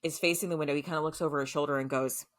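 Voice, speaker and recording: A woman's voice: low voice, steady tone, racing, dry recording, clean studio sound. A woman podcast co-host from the United States, chatting casually as she recaps a show, swearing freely and leaning on fillers like "like" and "um".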